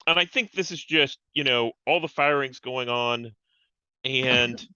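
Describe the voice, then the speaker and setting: A man plays a tabletop game, pausing with fillers as he works out his next move. His tone is very sharp and tense, and the sound is dry, dull and lo-fi. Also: medium pitch, clear, resonant tone, dry recording. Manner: hesitant, uh-filled. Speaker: player. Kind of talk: tabletop game play, casual chat.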